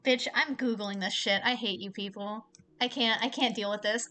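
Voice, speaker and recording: A woman's voice: medium pitch, steady tone, moderate pace, bright, forceful tone. A young woman streaming herself playing a visual novel at home. She reads the game text aloud and breaks off into chatty, exasperated asides.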